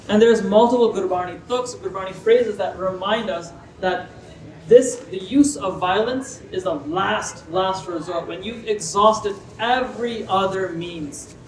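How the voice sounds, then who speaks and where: A man's voice: sits high, a little mellow. A young man giving a casual religious talk to students, telling stories with acted dialogue. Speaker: speaker. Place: university lecture room. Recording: echoey room, mic at a distance.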